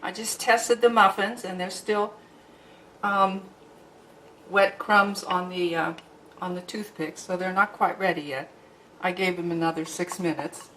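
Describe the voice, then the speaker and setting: A woman vlogger with a lowish voice chats casually and unhurriedly in her home kitchen, mixing and tasting her baking for a cooking vlog. She's relaxed and talkative, and the rough recording carries a little hiss or hum.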